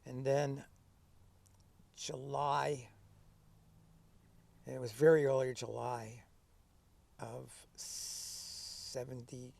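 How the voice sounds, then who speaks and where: A man in his seventies telling stories from his past in an interview, lively and acting out remembered dialogue. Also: medium pitch, drawn-out words, gravelly, pauses often, recorded from a distance. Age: 70s. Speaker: interview guest, veteran. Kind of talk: conversational storytelling.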